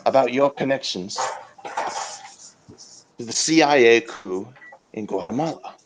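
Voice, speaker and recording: A man's voice: mid-range voice, animated, a little slow, pauses often, noisy background. A man hosting an absurdist improvised comedy talk show, rambling from mock interview questions into fake sponsor messages and over-the-top dramatic monologues. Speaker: comedy host.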